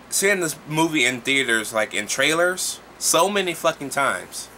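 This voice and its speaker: A man giving a casual, profane movie review, talking in an animated, exasperated way. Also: on the high side, unhurried, hardly any pauses, a little hiss or hum.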